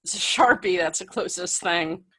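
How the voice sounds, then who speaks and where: A woman's voice: fairly low pitch, moderate pace, pushed and bright, a little hiss or hum. A woman co-hosting a casual podcast, bantering and teasing with frequent laughs. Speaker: podcast co-host. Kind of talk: casual chat.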